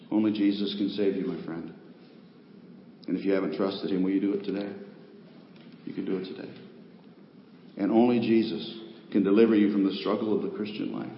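A male pastor preaching a sermon to a congregation, swinging from loud declarations to quiet pleas. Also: sits low, steady tone, fairly quick, pauses often. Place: church sanctuary with a congregation. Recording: echoey hall, dull lo-fi sound with faint noise.

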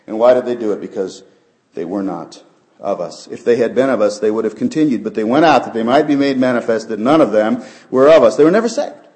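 A middle-aged male pastor preaching a sermon and sharing personal testimony, swinging from soft, low asides to loud, high peaks. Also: fairly quick. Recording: roomy church sound.

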